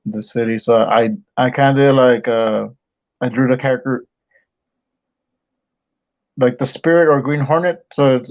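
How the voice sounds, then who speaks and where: A man calling in to a livestream who chats casually and haltingly about his comic project. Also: mid-range voice, vocal fry, dull audio. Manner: halting, many fillers and restarts. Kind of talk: casual chat on a call.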